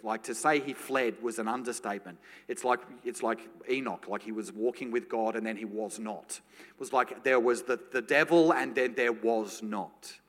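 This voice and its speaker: A man preaching a sermon to a congregation, telling a lively personal story and then slipping into soft, prayerful tones. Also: mid-range voice. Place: church. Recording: long reverb of a church hall.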